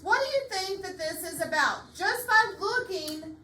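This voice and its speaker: A woman teacher leading a reading lesson in a classroom, patient and slow, repeating her questions. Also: very high voice, expressive, bright, forceful tone. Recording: echoey classroom, far mic, faint hiss.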